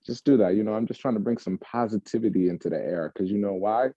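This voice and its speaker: A man's voice: on the low side, dark tone, no room sound. Playful man with a dull, lo-fi sound. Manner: playful, breaks into slow crooning. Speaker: podcast co-host. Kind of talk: casual chat, joking and singing.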